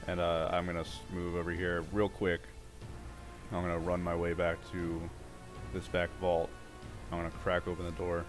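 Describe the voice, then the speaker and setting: A man's voice: low-pitched, completely flat delivery, normal speed, over music. A man playing a tabletop game, describing his character's actions hesitantly with many fillers. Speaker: player.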